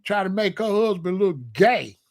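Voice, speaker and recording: A man's voice: sits high, normal speed, a little mellow. A man hosting a comedic monologue, preachy and full of rhetorical questions. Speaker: comedian host.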